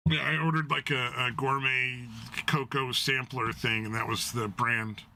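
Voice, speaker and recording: A man's voice: mid-range voice, steady tone, unhurried, sharp tone, slight background noise. A man hosting a casual stream chat, joking and laughing easily as he talks.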